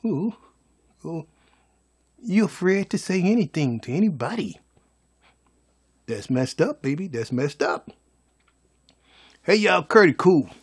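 A man giving a folksy, preachy motivational monologue as a vlogger. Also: high-pitched.

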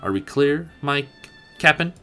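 A man voicing a dignified, noble dojo master who speaks in a grand, formal, measured way. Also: a little high, expressive, sharp tone, soft background music, voice pushed up. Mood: solemn.

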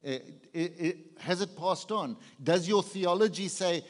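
A man's voice: high-pitched, measured pace, few pauses, in a large hall. A man preaching a conversational sermon as pastor, often putting questions to the congregation. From South Africa.

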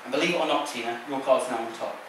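A man's voice: medium pitch, very fast, noisy background. A man performing a card trick on stage, teasing his volunteer with playful patter. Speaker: stage magician. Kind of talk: live stage magic patter. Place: large theater stage. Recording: echoey theater sound from a distance.

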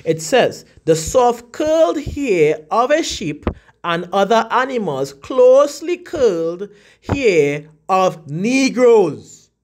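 High-voiced man teaching scripture casually. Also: big pitch swings, darkish tone. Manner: conversational, drawls read-out definitions slowly; frequent fillers and restarts. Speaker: religious teacher.

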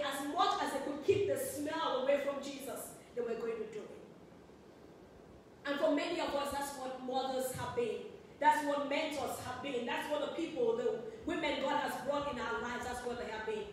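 A woman preaching a sermon, emotional and acting out the voices of the people in her stories. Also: sits high. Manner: emotional, acts out quoted voices. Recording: very echoey hall, distant mic, faint noise.

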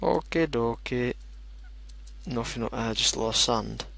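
A British man chatting casually while playing a game, easygoing and quick to laugh. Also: medium pitch, creaky, a bit bright. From Britain. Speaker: game player. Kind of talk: casual gameplay chat.

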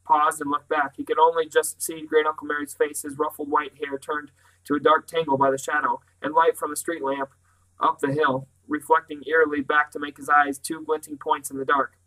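Man with a bright voice reading a story aloud. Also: a little high, flat delivery, fairly quick, rough recording. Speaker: audiobook reader. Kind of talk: reading a children's novel aloud.

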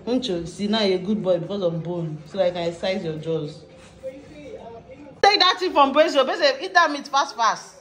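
A woman's voice: mid-range voice, lively intonation, moderate pace, a bit bright. A woman vlogging casually at home, coaxing and calling her dogs and laughing often. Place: home indoors.

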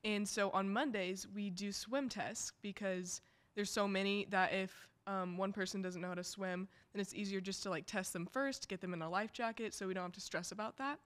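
A young woman co-hosting a student podcast, telling a work story in a relaxed way with many fillers. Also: medium pitch, moderate pace. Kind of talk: casual storytelling.

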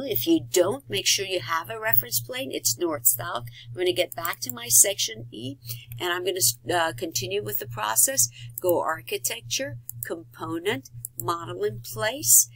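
A woman walks through a software tutorial click by click, in a somewhat low voice with a gravelly edge. She talks in steady instructions, with fillers and quick self-corrections along the way. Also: poor audio.

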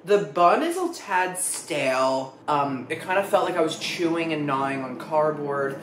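A man's voice: a little high, lively intonation, measured pace, noisy background. A young man in a casual food-tasting vlog, talking dramatically and expressively, swearing freely as he reacts. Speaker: food vlogger. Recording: echoey room.

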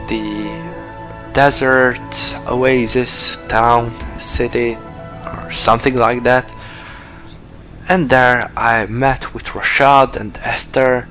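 A man's voice: mid-range voice, a bit bright. A man giving casual gameplay commentary for a walkthrough, hesitant and thinking aloud.

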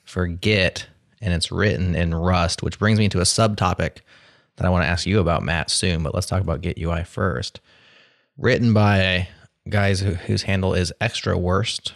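A man's voice: sits low, steady tone, normal speed, creaky, no room sound. A man hosting a podcast, wry and dry-humored, steering the conversation. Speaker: podcast host. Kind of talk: casual chat.

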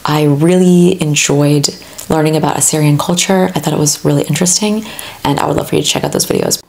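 A woman's voice: deep voice, fast, creaky, a little mellow. A young American woman, a travel vlogger, answering viewer questions in an earnest, chatty way. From USA. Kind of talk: casual Q&A vlog.

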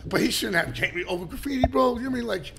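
A high, gravelly-voiced man spins stories as a podcast guest. His pitch leaps around wildly as he talks, profane and animated, laughing as he goes. It is loose, casual chat. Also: racing, noisy background.

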